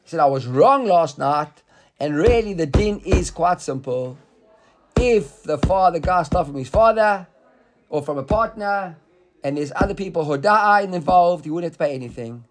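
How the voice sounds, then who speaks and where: A man teaching a Talmud study class, explaining the text lively and acting out the rabbis' words while quizzing a student. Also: a little high, normal speed, a little hiss or hum.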